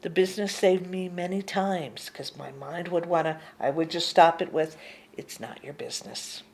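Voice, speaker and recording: A woman giving a gentle spiritual teaching talk, unhurried and often sinking to a hushed near-whisper. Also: fairly low pitch, fairly even intonation.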